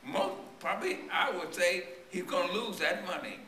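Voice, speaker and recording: Male preacher, voice worn and straining, bright and forceful tone, tells a story in his sermon, church echo, mic far off. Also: high voice, expressive, normal speed, slight background noise. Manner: storytelling sermon with call-and-response questions to the congregation. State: voice strained and tiring. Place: church sanctuary. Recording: echoey church recorded from a distance.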